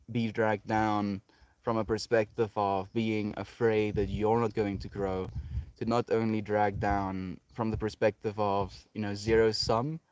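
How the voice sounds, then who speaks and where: A man livestreaming from a home setup, chatting reflectively with his viewers, often laughing and trailing off into soft asides. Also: lowish voice, no echo. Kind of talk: casual livestream chat reading viewer comments.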